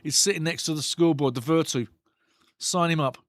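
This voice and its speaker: Excitable man hosting a football watch-along. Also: fairly high pitch, a little fast, dry recording. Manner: excitable, chatty, reads out viewer comments.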